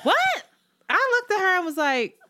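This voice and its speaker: A woman co-hosting a podcast in casual chat, telling stories in an animated, profane way and acting out what others said. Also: extremely high pitch, normal speed, no room sound, studio quality. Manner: animated, profane, storytelling with quoted voices. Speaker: podcast co-host.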